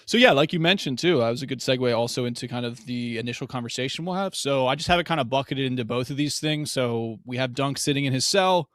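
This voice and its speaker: A man's voice: medium pitch, fast, few pauses, fairly bright tone, no room sound, clean studio sound. A man co-hosting a podcast, thoughtfully walking through scenes of a TV episode in casual chat. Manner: thoughtful, walks through scenes with hedging fillers. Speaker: podcast co-host.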